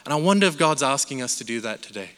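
A man from Malaysia preaching a sermon, telling a family story with lively, animated delivery and acting out his shouting relatives. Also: mid-range voice, quick pace, in a large hall.

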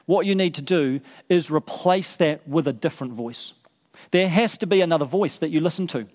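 Male pastor, sermon delivery, earnest and repetitive for emphasis, somewhat high pitch, reverberant hall. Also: a little mellow. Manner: earnest, repeats words for emphasis.

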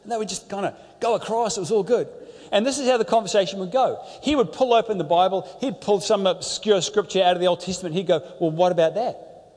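A high-pitched man delivers an emphatic sermon, leaning on repetition and storytelling. His voice rings out through a church with a long, lingering reverb. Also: fast, darkish tone. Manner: emphatic, repeats phrases, storytelling. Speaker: pastor.

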